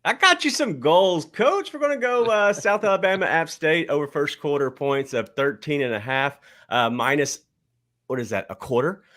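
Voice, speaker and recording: A man reads his betting picks loosely and casually, with a few fillers along the way. His voice sits a little high for a man. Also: normal speed, fairly bright tone. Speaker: show panelist.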